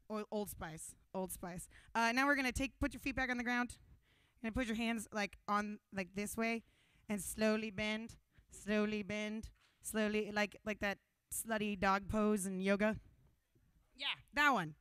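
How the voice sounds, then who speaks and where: A woman's voice: a little high, fairly bright tone, clear, resonant tone, dry recording. A young woman emceeing a live benefit show on a small stage, rambling with self-deprecating jokes into a handheld mic. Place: small stage at a brewery event. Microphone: handheld microphone.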